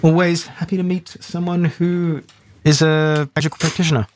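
A man's voice: on the high side, little pitch movement, moderate pace, darkish tone, a little hiss or hum, pitched above the performer's own voice, close to an everyday voice. A man voicing an eager, cheeky young male wizard who sounds cheerful and a little awkward.

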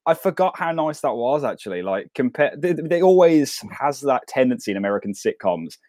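A man's voice: medium pitch, very animated, fairly quick, a little mellow, no room sound. A man co-hosting a podcast in casual chat, rambling with lots of fillers as he talks through his thoughts. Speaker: podcast co-host. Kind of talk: casual chat about a sitcom.

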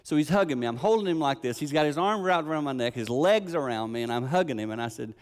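An older man preaching a sermon, telling a family story with animated delivery and acting out the voices of the people in it. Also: mid-range voice, quick pace, long reverb tail.

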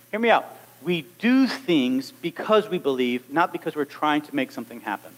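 Male preacher, high voice, wide swings in pitch, animated sermon delivery. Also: moderate pace. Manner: animated, acts out little scenes and voices.

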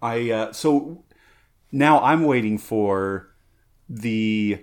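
A low-voiced man chats loosely on a podcast, full of "like" and restarts. He laughs along easily with his co-host. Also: drawn-out words. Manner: rambling, filler-heavy, laughs along. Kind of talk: casual chat.

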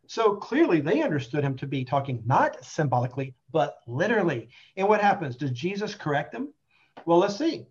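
A man explains his faith in an earnest, emphatic way, slowing down to stress key phrases. His voice sits fairly high. The recording sounds dull and lo-fi. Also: animated. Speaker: guest, Catholic convert. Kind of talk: conversational religious testimony and explanation.

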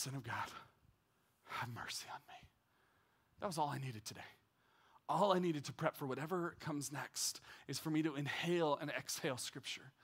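A man preaching a sermon as a pastor, earnest and repetitive, moving between hushed, prayerful passages and rising intensity. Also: fairly high pitch. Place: church.

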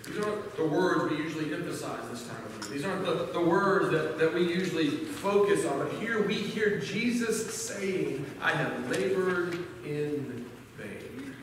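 A man's voice: on the high side, expressive, normal speed, few pauses, background noise. A pastor preaching a sermon in an earnest manner, often repeating words as he starts a sentence. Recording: echoey church hall from far off.

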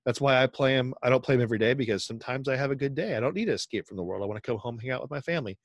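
A man's voice: mid-range voice, racing, dry recording. A man co-hosting a podcast, telling stories in casual chat full of fillers and acted-out quotes. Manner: rambling, filler-heavy storytelling with acted-out quotes. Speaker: podcast co-host.

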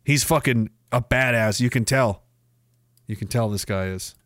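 A man's voice: mid-range voice, moderate pace, a bit bright, dry recording, studio quality. A man hosting a livestream, reacting to clips with profane, mocking commentary. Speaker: livestream host.

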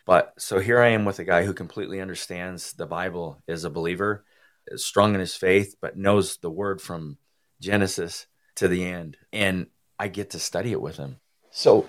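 Low-voiced man giving earnest testimony. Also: fairly bright tone. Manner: earnest, emotional, halting retelling. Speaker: interview guest. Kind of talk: personal recovery testimony.

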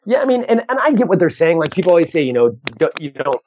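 A man's voice: fairly high pitch, big pitch swings, quick pace, lo-fi sound. A man who does stand-up comedy, chatting casually and telling a story with lots of restarts and voiced quotes.

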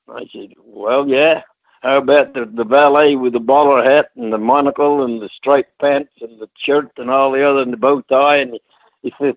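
A man's voice: medium pitch, steady tone, normal speed, no room sound, narrow, tinny audio. Folksy older man telling wrestling stories. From Scotland. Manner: folksy, rambling storyteller who does voices in his anecdotes. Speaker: retired pro wrestler guest. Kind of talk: casual storytelling interview.

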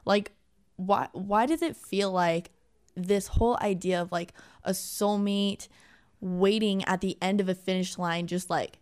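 A young woman co-hosting a podcast, telling a story in animated casual chat with many filler words. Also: medium pitch, a little slow, clean tone. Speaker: podcast co-host.

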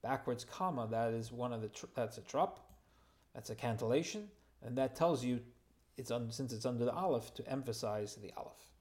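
Moving through the Torah text one verse at a time, a man with an ordinary mid-range voice reads the Hebrew and then gives a plain English translation. He talks at a normal speed and sprinkles in casual, lightly funny remarks.

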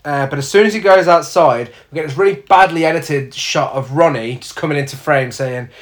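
A man's voice: on the high side, a little fast. A man, casually recapping a film's plot with sweary, sardonic asides. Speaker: podcast co-host. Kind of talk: casual film review chat.

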